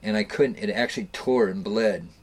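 A man's voice: on the low side, normal speed. Rambling, profane middle-aged man telling stories. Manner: rambling, profane, with frequent restarts and chuckles. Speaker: storyteller recounting fishing trips. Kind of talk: casual spoken storytelling.

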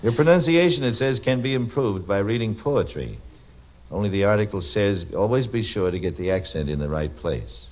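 A man with a lowish, animated voice hosts a radio show at a moderate pace, reading letters and ads in wry, folksy, teasing patter full of jokes. The recording is a dull old radio broadcast with faint hiss.

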